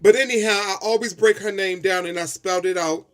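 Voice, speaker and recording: High-voiced guy doing an emotional tribute vlog, expressive, teary. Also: a little fast. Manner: heartfelt, expressive, talks straight to camera. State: tearing up. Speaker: vlogger. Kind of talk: emotional personal tribute video.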